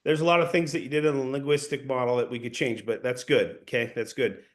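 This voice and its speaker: A man's voice: medium pitch, fairly even intonation, fast talker. A man leading a sales coaching session, explaining points in an instructive way and often repeating or restarting phrases. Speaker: sales trainer.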